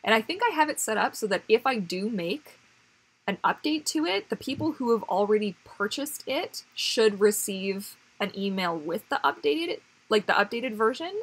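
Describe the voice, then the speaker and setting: Woman streamer, casual chat to viewers, husky and breathy, chatty with frequent restarts. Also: mid-range voice, animated, moderate pace. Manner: chatty, rambling, many fillers and restarts, laughs often. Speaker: livestream host. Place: home.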